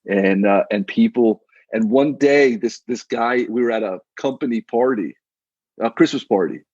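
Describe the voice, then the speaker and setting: A man's voice: mid-range voice, normal speed, darkish tone, no echo, muffled recording. A man in his thirties, a coach and guest on a casual podcast, talking in a laid-back, slangy way with frequent restarts.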